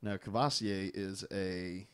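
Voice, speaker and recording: A man's voice: low-pitched, fairly even intonation, slow, fairly bright tone, a little hiss or hum. A young man hosting a casual gaming podcast, joking and teasing his co-hosts as he tells stories. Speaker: podcast host.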